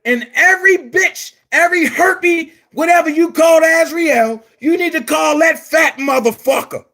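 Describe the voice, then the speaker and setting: Brief: man, very high voice, angry profane commentary rant, frequent shouting, blunt and repetitive. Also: moderate pace. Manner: blunt and emphatic, repeats phrases. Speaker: online commentary host. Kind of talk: heated vlog rant.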